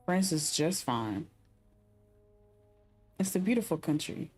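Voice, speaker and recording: Brief: a woman voicing a sad, guarded Argentine passenger, dry and frank, halting, over soft game music. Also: low voice, sing-song, breathy edge, full character voice.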